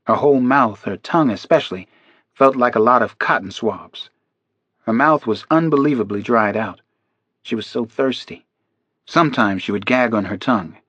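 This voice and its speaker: A man narrating a crime thriller audiobook in a steady, measured delivery. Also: mid-range voice, slightly rough, no echo, lo-fi sound.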